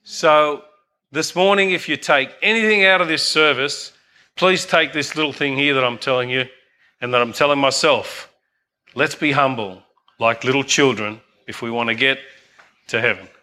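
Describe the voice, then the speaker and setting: Give me an older man preaching a sermon, earnest and forceful. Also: mid-range voice, normal speed. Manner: earnest, repeats "amen?" to the congregation.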